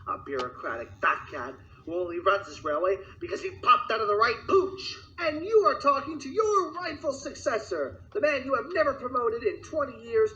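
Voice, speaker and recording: Brief: bitter, mock-polite railway worker voiced by a man, bright voice, lo-fi sound. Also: extremely high pitch, animated, normal speed, few pauses, pitched above the performer's own voice, full character voice. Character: resentful long-serving male railway employee.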